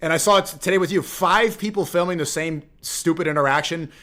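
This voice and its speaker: A man in his thirties chatting casually on a podcast, relaxed and wry. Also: fairly high pitch, brisk. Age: 30s.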